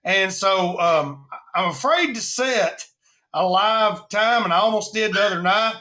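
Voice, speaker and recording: Bright, high-voiced man hosting a live stream. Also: a little slow. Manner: rambling, friendly, many fillers and restarts. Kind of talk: casual live-stream chat.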